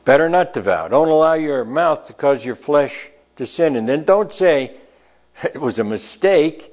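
A man's voice: fairly high pitch, lively intonation, measured pace, muffled recording. A man preaching a sermon, emphatic and conversational, often asking his listeners questions.

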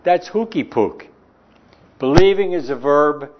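A man preaching a sermon in a folksy, conversational way, slowing down to stress key words. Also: a little high, animated. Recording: dull lo-fi recording.

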